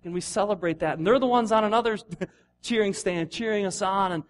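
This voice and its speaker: A middle-aged male pastor with a high voice delivers a relaxed, conversational sermon. He talks casually with lots of restarts and slips into lively little voices for the people in his examples. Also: fairly quick. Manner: conversational, animated, acts out voices of runners.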